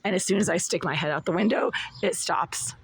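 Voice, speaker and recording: A hoarse woman with a raspy, cracking voice, insistently complaining in a self-filmed video from her small apartment. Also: fairly low pitch, brisk. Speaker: tenant filming a complaint video. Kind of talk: agitated self-filmed vlog. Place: small apartment, near a window.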